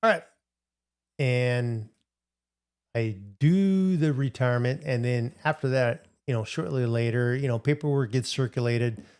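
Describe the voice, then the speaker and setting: A man's voice: mid-range voice, unhurried, darkish tone, clear, resonant tone. A middle-aged man hosting a casual livestream, rambling through a story and answering viewers in the chat. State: recovering from hip replacement. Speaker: livestream host.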